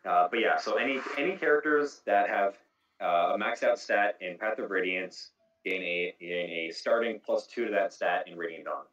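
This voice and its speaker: Brief: low-pitched male podcast host, explanatory, recorded off-mic in an echoey room. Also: normal speed, fairly bright tone, distant mic. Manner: explanatory, walks through game details at length. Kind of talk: casual podcast chat about video games.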